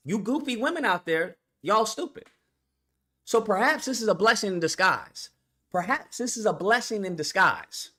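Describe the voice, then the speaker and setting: Bright, animated man ranting. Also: high-pitched, normal speed. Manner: profane, blunt, full of rhetorical questions. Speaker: vlogger. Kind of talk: ranting commentary.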